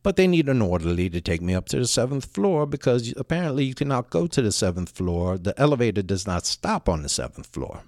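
A man telling a personal story in a halting, conversational way, often repeating words and restarting. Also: mid-range voice, sing-song, darkish tone, dry recording, clean studio sound. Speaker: storyteller recounting a personal experience. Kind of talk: first-person spoken storytelling.

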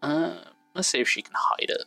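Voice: mid-range voice, normal speed, creaky, bright, forceful tone, faint music behind, poor audio. A game master narrating a tabletop game in a casual, meandering, self-deprecating way.

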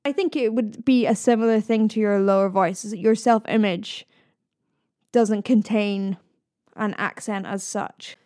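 A woman with a soft east-coast Scottish accent, a voice coach musing in casual chat, laughing easily. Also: medium pitch, steady tone, a little slow, dry recording, clean studio sound. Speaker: host, voice coach.

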